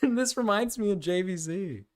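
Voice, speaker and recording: A man's voice: sits high, lively intonation, moderate pace. A man streaming and reacting to videos, casual, crude and often laughing. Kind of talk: casual livestream reaction chat.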